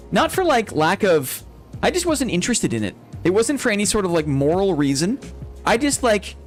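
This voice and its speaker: Chatty high-voiced man streaming a game. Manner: chatty, rambling, addresses chat as brother. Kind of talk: casual gameplay chat to viewers.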